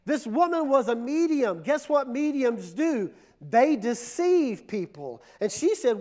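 Male pastor, very high voice, emphatic repetitive sermon delivery. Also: big pitch swings, measured pace, few pauses, a little mellow. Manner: emphatic, repetitive preaching with dramatic drops and surges.

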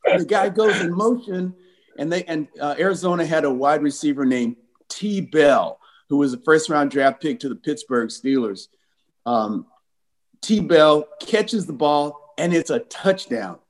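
A man in his sixties from California, a former football player telling lively game stories as an interview guest. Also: fairly high pitch, unhurried, rough recording. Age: 60s. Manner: animated, acts out the voices in his stories. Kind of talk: casual storytelling interview.

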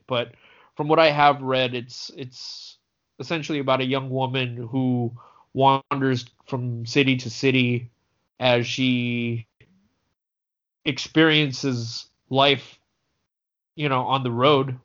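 A man's voice: mid-range voice, level tone, measured pace, a bit bright. A man co-hosting a podcast, talking casually and hesitantly with many restarts. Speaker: podcast co-host. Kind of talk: casual chat. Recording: dull lo-fi sound.

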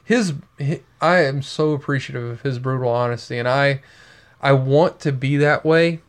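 A man's voice: medium pitch, normal speed. A young man co-hosting a podcast, talking in a casual, earnest and reflective way. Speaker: podcast co-host. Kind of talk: casual chat.

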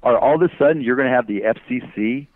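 Over a tinny phone line, an entrepreneur being interviewed argues emphatically, leaning on rhetorical questions. He speaks fast at a medium pitch.

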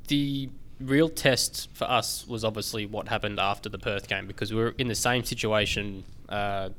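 Man, podcast co-host, low voice, rambling and jokey. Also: steady tone, moderate pace, fairly bright tone, a little hiss or hum. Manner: rambling, hesitant, playful. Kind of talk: casual podcast chat.

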